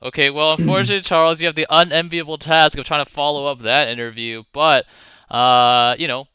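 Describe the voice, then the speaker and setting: Bright, crisp-voiced guy casting esports. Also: fairly high pitch, fairly quick, no echo, highs cut off. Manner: lively, laughs a lot, swears casually. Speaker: esports caster and host. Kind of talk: casual streamed esports commentary.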